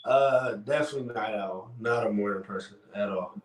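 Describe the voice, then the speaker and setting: A man's voice: fairly low pitch, moderate pace. Young male college athlete guest, easygoing, heard from a distance in a roomy space. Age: young adult. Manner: laid-back, easygoing, many fillers. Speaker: college football player guest. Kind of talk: casual interview answers. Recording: echoey room, off mic.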